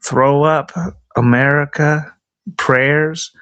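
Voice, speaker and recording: A man's voice: a little high, steady tone, extremely slow, fairly bright tone, clear, resonant tone. A man livestreaming outdoors in the cold, ranting angrily and profanely at his chat and at himself.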